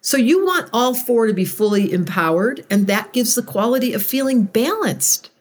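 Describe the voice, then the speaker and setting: A woman guest in a conversational interview, expressive, acting out moods as she explains ideas. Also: moderate pace. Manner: expressive, acts out moods with big pitch swings. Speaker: astrologer guest.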